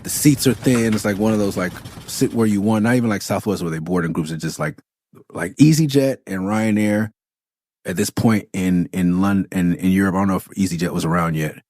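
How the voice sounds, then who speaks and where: A man in his forties from Los Angeles, hosting a podcast and telling stories in an animated, profane way. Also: sits low, fairly quick, no echo, studio quality. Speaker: podcast host. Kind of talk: casual storytelling.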